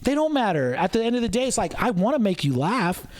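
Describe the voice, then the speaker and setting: A man's voice: sits high, lively intonation, fast talker. A male comedian co-hosting a casual podcast chat, talking animatedly, acting out people's voices and swearing freely. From San Francisco Bay Area.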